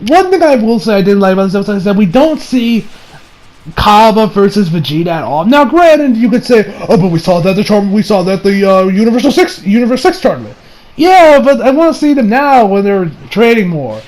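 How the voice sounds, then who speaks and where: High-voiced guy rambling through an episode recap, laughs a lot, does little voices for the characters. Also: rough recording. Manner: rambling and excitable, with many restarts and laughs; acts out quoted characters in quick changes of voice. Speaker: anime reviewer. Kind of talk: casual recap and review.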